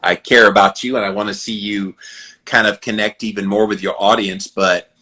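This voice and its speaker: A man with a Southern American accent hosting a podcast interview, giving earnest, animated advice. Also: on the low side, moderate pace. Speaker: podcast host. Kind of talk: conversational interview.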